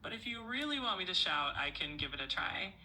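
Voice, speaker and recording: A synthetic AI assistant voice of a woman, speaking in a calm, polite and cheerful way. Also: on the low side, brisk, slight background noise, rough recording.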